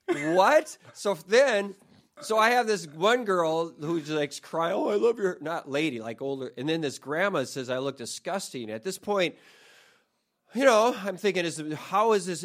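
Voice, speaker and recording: Man, slightly high voice, rambling casual storyteller, laughs mid-sentence. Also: expressive, moderate pace, a bit bright. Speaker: podcast co-host. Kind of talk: casual chat.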